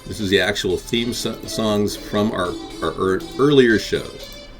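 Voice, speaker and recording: A man's voice: fairly low pitch, measured pace, faint music behind. A man hosting a live interactive talk stream, rambling and combative as he answers chat.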